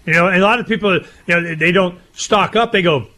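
Give me an older man with a fairly high voice, chatting in a loose, rambling way, getting animated and laughing loud as he talks on a casual show. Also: fast. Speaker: co-host. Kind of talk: casual chat.

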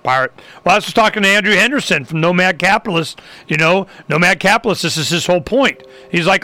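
A male podcast host chatting casually, animated and riffing with exclamations. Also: high voice, quick pace, few pauses, dry recording. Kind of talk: casual chat.

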